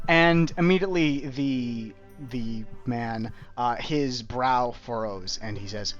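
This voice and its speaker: A man runs a tabletop game with loose, halting narration full of fillers. His voice sits in a middle range. The stream audio is muffled, with soft music in the background. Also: medium pitch. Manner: casual, halting, many fillers. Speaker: game master.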